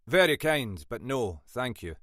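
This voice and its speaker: A man with a Scottish accent voicing a calm, courteous detective inspector with a quietly dry manner. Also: mid-range voice, measured pace, dry recording.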